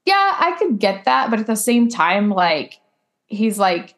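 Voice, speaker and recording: A woman's voice: mid-range voice, very animated, unhurried, fairly bright tone. A young woman co-hosting a podcast in casual conversation. She rambles through her thoughts, leaning on lots of filler words. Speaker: podcast co-host. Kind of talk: casual chat.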